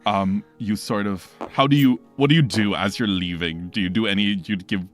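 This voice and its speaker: Rambling game master, male, low voice, faint music underneath. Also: normal speed. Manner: loose, rambling, full of "like". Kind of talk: narrating a tabletop game.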